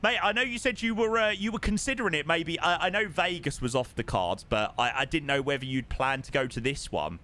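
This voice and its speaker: A young man with a bright, ringing tone and a lively, swooping delivery, pitched a touch high for a man. He chats casually with his viewers, reads their messages aloud and hums little tunes between thoughts. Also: brisk, hardly any pauses. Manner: chatty, reads chat aloud and hums to himself. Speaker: flight sim streamer. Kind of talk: casual live-stream chat.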